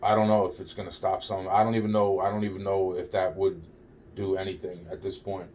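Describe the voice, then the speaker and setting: Rambling male vlogger, mellow low-toned voice, profane, full of restarts and quoted back-and-forth. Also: level tone, brisk, slight background noise. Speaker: vlogger telling a personal story. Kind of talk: rambling first-person storytelling.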